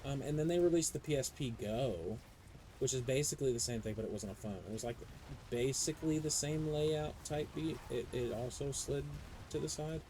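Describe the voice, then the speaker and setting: Young adult man, game streamer, casual profane rant, mellow tone, faint background hiss. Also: medium pitch, moderate pace, poor audio. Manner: profane, animated ranting storyteller. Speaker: live streamer. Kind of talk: casual chat while gaming.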